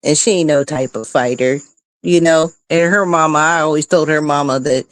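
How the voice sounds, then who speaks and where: Profane, animated middle-aged woman storyteller. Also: sits low, normal speed, dry recording. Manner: profane, animated, keeps asking "right?". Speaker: streamer. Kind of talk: casual storytelling to viewers. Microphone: close streaming mic.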